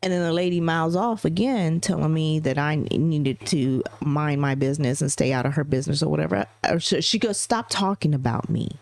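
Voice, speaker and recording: Middle-aged woman on a podcast, lowish voice, dry close sound, jumps way up high when she mimics people. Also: a little fast, hardly any pauses, darkish tone, no room sound. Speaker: podcast co-host. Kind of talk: casual storytelling chat.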